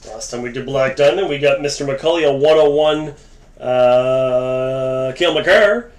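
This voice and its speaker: A man hosts a live sports card break, talking casually and directly to viewers by name as he works through the packs. His voice sits at an ordinary middle pitch. The room around him is roomy and echoing. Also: unhurried, a little hiss or hum.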